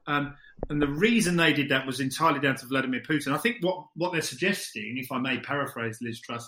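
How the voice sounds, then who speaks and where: A man's voice: mid-range voice, sharp tone. Sardonic man, echoey room. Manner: sardonic, joking, rambling. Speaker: podcast co-host. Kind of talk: casual chat.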